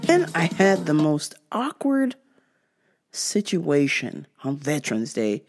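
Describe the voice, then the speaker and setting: A woman's voice: deep voice, very animated, a little slow, over music. Swearing, laughing woman telling stories. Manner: profane, laughing often, acts out the people in her stories. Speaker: vlogger. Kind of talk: casual storytelling.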